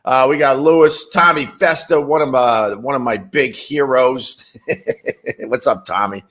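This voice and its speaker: A man's voice: medium pitch, a little slow, a bit bright. A man hosting a casual livestream, reading chat messages and rambling wryly with casual swearing. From New York.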